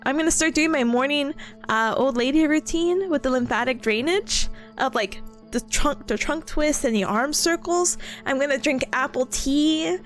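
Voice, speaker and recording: A woman's voice: sits high, normal speed, soft background music. A woman streamer chatting casually with her viewers, giggling and laughing often between sentences. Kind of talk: casual livestream chat.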